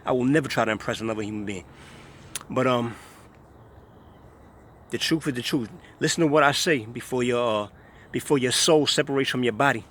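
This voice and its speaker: A man's voice: mid-range voice, a little fast, pauses often, a bit bright, a little hiss or hum. A man talks straight to camera in an emphatic, scornful rant. He circles back to the same points again and again, pressing each one hard. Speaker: vlogger. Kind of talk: ranting monologue to camera.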